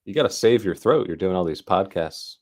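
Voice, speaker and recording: A man's voice: deep voice, animated, a little fast. A man chatting on a comedy podcast with short, dry replies. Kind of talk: casual comedic chat.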